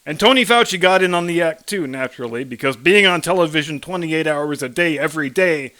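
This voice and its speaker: A man's voice: on the high side, a little fast, bright, forceful tone. A man hosting a scripted commentary monologue in a sarcastic, mocking manner. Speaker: commentary channel host.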